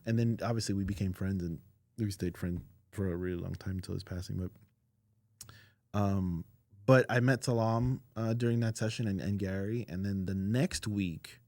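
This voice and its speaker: Low gravelly man telling studio stories. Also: moderate pace, no room sound. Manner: relaxed, filler-heavy anecdotes. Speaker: audio engineer guest. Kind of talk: casual storytelling interview.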